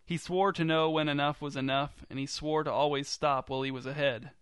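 A man's voice: fairly high pitch, steady tone, fairly quick, fairly bright tone, clear, resonant tone, no echo. A man reading a story aloud with a dry, wry storytelling manner. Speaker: narrator. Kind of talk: storybook narration.

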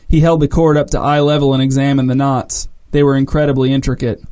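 A man narrating a story in an even, measured way. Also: mid-range voice.

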